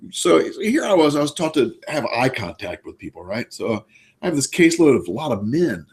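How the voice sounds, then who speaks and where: A man's voice: medium pitch, big pitch swings, fairly quick, darkish tone. A man in his sixties, a therapist guest in a casual interview, explaining his points emphatically with anecdotes.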